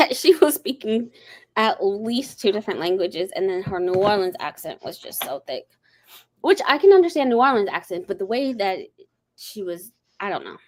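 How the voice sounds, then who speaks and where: A woman's voice: mid-range voice, normal speed. Chatty woman rambling through a story. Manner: rambling, animated storytelling with many fillers. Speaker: host. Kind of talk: casual chat.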